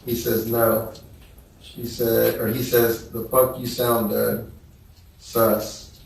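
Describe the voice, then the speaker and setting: Flat slow-reading man in a courtroom. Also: mid-range voice, creaky, a little hiss or hum. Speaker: trial witness. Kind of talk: reading text messages aloud in testimony. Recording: echoey courtroom from far off.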